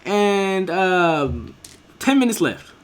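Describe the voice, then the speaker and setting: A man's voice: high-pitched, sing-song, very slow. A man co-hosting a podcast who tells work stories in casual, profane chat and laughs often. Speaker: podcast co-host.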